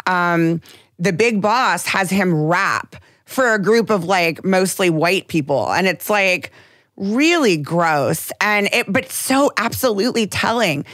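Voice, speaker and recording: A woman's voice: medium pitch, fairly bright tone, dry recording, studio quality. A woman co-hosting a podcast in casual chat, talking candidly and with emphasis. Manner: candid, emphatic, swears freely. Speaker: podcast co-host.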